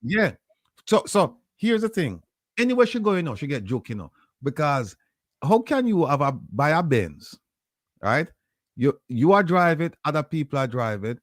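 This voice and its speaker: Man, Jamaican accent, host, argumentative, lively pitch, dry recording. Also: moderate pace, no room sound. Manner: insistent, argumentative, directing. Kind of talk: casual chat.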